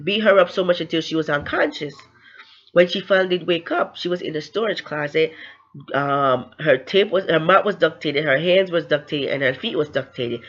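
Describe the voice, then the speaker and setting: A woman's voice: fairly low pitch, fairly bright tone, lo-fi sound. A woman recapping a novel in a casual, chatty way, with fillers and tag questions. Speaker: book reviewer.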